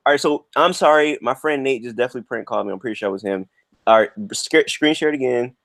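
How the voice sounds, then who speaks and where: A man's voice: mid-range voice, fast talker, creaky, fairly bright tone, no room sound. A man hosting a livestream in a laid-back, joking, slangy way. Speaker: livestream host. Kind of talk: casual livestream chat.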